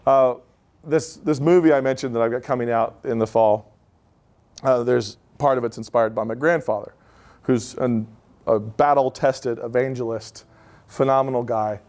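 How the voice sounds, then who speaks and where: A man's voice: medium pitch, steady tone, moderate pace, a little mellow. A man in his thirties giving an informal talk to an audience, telling stories in a conversational way with many asides. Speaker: speaker at a live event.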